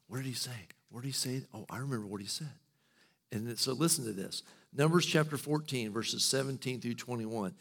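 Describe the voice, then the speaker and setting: A middle-aged pastor delivers his sermon casually, with humor and lively storytelling. His voice sits at an ordinary pitch for a man.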